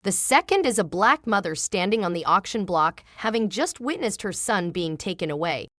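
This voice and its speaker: Woman reading a book summary, lively pitch. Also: normal speed, dry recording, clean studio sound. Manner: even, polished reading without fillers. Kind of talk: scripted narration.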